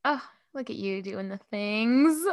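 A chatty woman co-hosts a podcast, rambling along with plenty of fillers and giggles. Her voice sits at an ordinary middle pitch. The sound is dry and close. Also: expressive, measured pace, dry recording. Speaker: podcast co-host. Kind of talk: casual chat.

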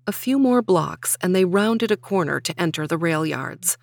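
A woman narrating a children's storybook in a steady, measured way. Her voice sits low, and the recording is dry and close, with no room sound. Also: vocal fry, dry recording. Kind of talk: storybook reading.

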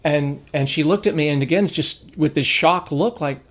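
A middle-aged man gives an informal Bible lesson in a voice pitched a touch high. He talks through his points conversationally, slipping into anecdotes and briefly voicing the people in them. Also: normal speed. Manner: conversational, storytelling, acts out quoted people. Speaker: Bible teacher.

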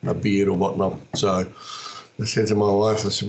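Low-voiced Australian man telling stories. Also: normal speed, slight background noise. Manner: animated, acts out quoted voices. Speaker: guest, wrestler and actor. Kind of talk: casual storytelling.

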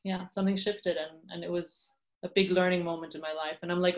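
A woman's voice: on the low side, little pitch movement, brisk, lo-fi sound. Candid woman telling her story. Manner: candid, laughs often, many fillers and restarts. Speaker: interview guest. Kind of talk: casual interview talk.

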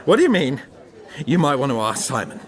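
A man's voice: mid-range voice, sing-song, fairly quick, lightly acted. A man playing an exasperated man reacting with incredulous outbursts in a comedy sketch. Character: exasperated man caught in a silly name craze.

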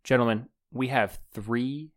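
A man's voice: medium pitch, steady tone, measured pace. A man co-hosting a casual sports podcast, wry and joking as he talks. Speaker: podcast co-host.

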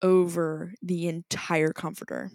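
A woman in her twenties co-hosts a podcast, her voice on the low side and gravelly, moving at a measured pace. In casual conversation she tells a story with animation, acting out what people said.

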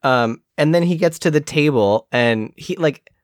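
A woman's voice: low-pitched, a little slow, a little mellow, no echo, studio quality. A woman co-hosting a podcast, chatting casually about a movie, laughing often and acting out the characters' lines. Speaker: podcast co-host.

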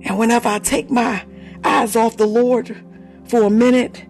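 A woman's voice: a little high, steady tone, moderate pace, a little mellow, soft background music. A woman leading a fervent live prayer, preaching with repeated phrases, bursts of tongues and laughter, calling on listeners by name. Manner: impassioned, repetitive, speaks in tongues, laughs between phrases. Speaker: prayer leader.

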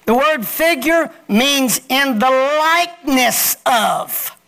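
Pastor guy preaching, high bright voice, takes his time, gets the church to say stuff back. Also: lively intonation, slow pace, vocal fry. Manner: preaching with call-and-response to the congregation. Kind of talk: sermon.

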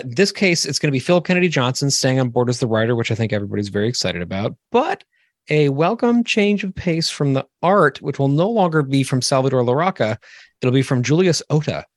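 An upbeat male co-host in casual podcast conversation, scattering fillers as he talks. His voice is mid-pitched, dry and close to the mic. The tone stays relaxed and friendly. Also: dry recording.

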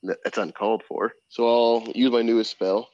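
A laid-back man describes his character's spell in a rambling way during a tabletop game. The sound is dull and dry, with little high end. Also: fairly even intonation, moderate pace, darkish tone, no echo. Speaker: player. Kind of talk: casual tabletop play.

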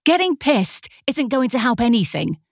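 A woman voicing an irritable, sharp-tongued young woman with a clipped, snappy delivery in an audiobook reading. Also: a little high, very animated, moderate pace, creaky, no echo, studio quality, voice pushed up, heavily acted. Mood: irritated.

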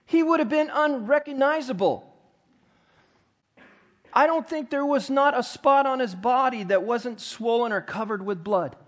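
A man's voice: very high-pitched, a little slow. A man preaching as pastor in a church, reading scripture aloud and dramatizing the mockers' taunts with rising intensity. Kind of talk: sermon.

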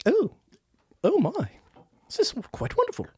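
A podcast guest doing an improvised impression of an elderly, delighted queen, speaking in grand, slow ceremonial pronouncements. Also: high voice, huge pitch swings, a little mellow, pitched above the performer's own voice, exaggerated voice. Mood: regal delight. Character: posh elderly Queen of England, regal and delighted.

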